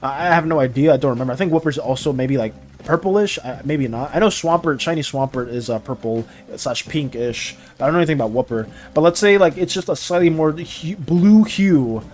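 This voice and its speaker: Lively rambling streamer voice. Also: mid-range voice, brisk, few pauses. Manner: rambling and giggly, reacting to chat. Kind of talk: casual live-stream chat.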